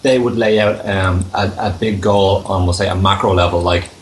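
A man's voice: low-pitched, fairly even intonation, normal speed. A man in a band, a guest in a casual interview, talking at length in a rambling way with lots of fillers. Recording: roomy echo.

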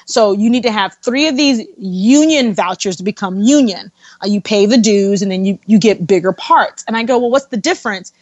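A woman's voice: medium pitch, fairly quick, few pauses, dry recording, lo-fi sound. A young woman animatedly telling a story in a casual interview, acting out the people she quotes. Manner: animated, quotes others in acted voices.

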